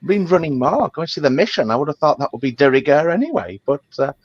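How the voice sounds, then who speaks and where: A comedian panelist making quick comic asides, running off on tangents and cutting the tangents short. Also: medium pitch, very animated, breathy edge, dry recording. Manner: rapid tangents, cuts himself off. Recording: dull, dry sound.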